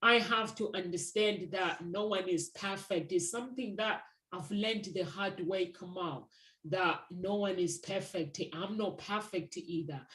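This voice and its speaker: A woman's voice: fairly low pitch, a little slow, fairly bright tone, reverberant, poor audio. A woman who works as a matchmaker, talking earnestly and reflectively in a casual conversation, sharing personal stories.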